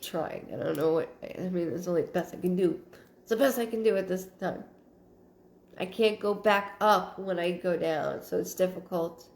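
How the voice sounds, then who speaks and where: A woman's voice: fairly low pitch, moderate pace, creaky, darkish tone. A woman psychic medium hosting a live stream, reading out viewer comments and thinking aloud in fragmented, repeated phrases. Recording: roomy echo.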